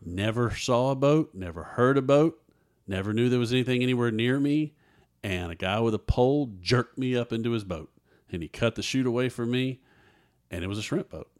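A man's voice: medium pitch, expressive, brisk, darkish tone. A man, a guest earnestly telling a personal story in an interview and acting out what others said. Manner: earnest storyteller who acts out others' dialogue.

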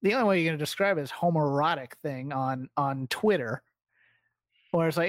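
A man's voice: on the high side, brisk, dry recording. Blunt man on a dry mic. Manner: blunt, dismissive opinions. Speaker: podcast co-host. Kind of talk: casual wrestling talk.

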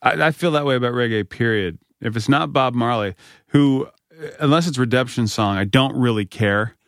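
A man co-hosting a casual podcast, tossing off puns and quick jokes in an easygoing way. His voice sits at an ordinary middle pitch and is recorded close and dry, with no room sound. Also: a bit bright, no room sound. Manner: jokey, playful wordplay. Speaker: podcast co-host. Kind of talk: casual chat.

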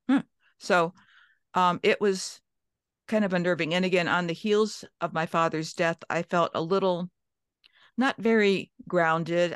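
A woman's voice: lowish voice, smooth, no room sound, clean studio sound. A woman from Minnesota telling a long personal story as an interview guest, chatty, with restarts and quoted inner thoughts.

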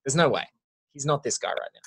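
A man's voice: mid-range voice, lively intonation, quick pace, fairly bright tone, breathy edge. A man co-hosting a casual film podcast, rambling and chuckly, with many restarts. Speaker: podcast co-host.

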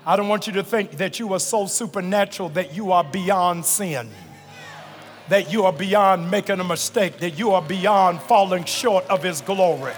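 A man pastor preaching a fervent sermon, stretching and shouting phrases and calling on the congregation to answer. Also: high-pitched, normal speed, soft background music. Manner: colloquial, calls on the congregation to respond. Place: large church sanctuary. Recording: reverberant large hall, live church recording.

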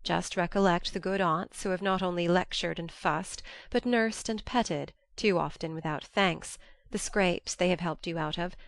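A woman narrating an audiobook in a measured, gently earnest way. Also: lowish voice, fairly even intonation, dry recording. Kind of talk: audiobook reading.

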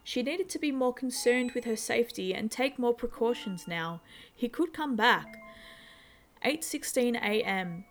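A woman's voice: a little high, unhurried. Tense woman telling a suspense story. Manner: tense, steady storytelling with sudden shouted outbursts. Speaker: story narrator. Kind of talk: scripted first-person suspense narration. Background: faint music.

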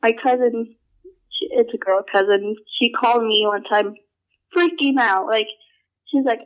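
Young woman telling a story haltingly. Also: on the high side, low-quality recording. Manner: halting, many filler words and restarts. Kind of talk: casual personal storytelling.

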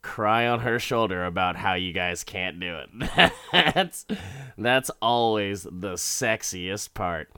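A man's voice: fairly low pitch, animated, slow, sharp tone, clear, resonant tone, no room sound, studio quality. A young man casually recapping a show, sarcastic and rambling, with frequent restarts and chuckles.

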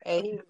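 A woman chatting casually about movies, laughing often and acting out her own reactions. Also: low-quality recording. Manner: giggly, animated, acts out her reactions.

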